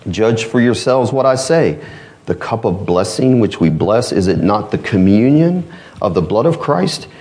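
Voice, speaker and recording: A man's voice: on the low side, lively intonation, a little slow, a little mellow. A man with a northern US accent preaching a sermon in a folksy, conversational way with frequent asides to the congregation.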